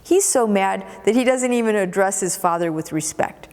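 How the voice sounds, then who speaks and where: A woman pastor delivers a sermon with expressive, storytelling emphasis, often doubling words as she builds a point. Her voice sits at an ordinary middle pitch for a woman. It carries a long reverb from a church sanctuary. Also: moderate pace.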